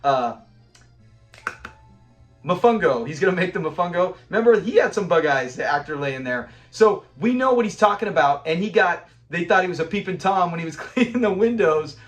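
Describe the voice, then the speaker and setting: A man's voice: high-pitched, animated, normal speed, faint music behind. A man casually reviewing a classic sitcom episode, enthusiastic, quoting the characters and laughing often. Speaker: show reviewer.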